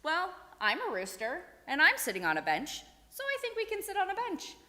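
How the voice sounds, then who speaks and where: A woman's voice: high voice, wildly swooping pitch, fairly quick, sharp tone, exaggerated voice. A woman doing a patient, clever old-school teacher. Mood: playful. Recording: echoey hall.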